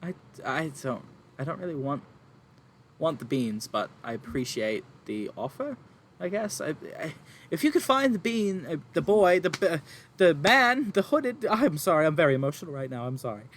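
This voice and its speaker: A man's voice: lively intonation, moderate pace, slight background noise. A man voicing an emotional, flustered middle-aged farm mother who rambles and stammers through her troubles. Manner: flustered, tearful rambling with high squeaky jumps. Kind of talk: tabletop role-play character voice.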